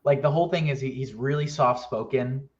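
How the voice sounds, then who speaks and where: A man joining a casual stream chat over a remote call, his voice sounding dull and lo-fi. He tells stories with animated energy and tosses in quick asides. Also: medium pitch.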